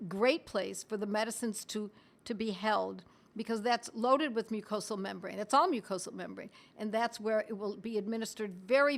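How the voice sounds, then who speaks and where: A middle-aged woman teaching on a live stream in a chatty way, talking straight to her viewers and reading their comments aloud, with the odd cough and throat clearing. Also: a little high, a bit bright. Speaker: homeopathy educator hosting a live stream.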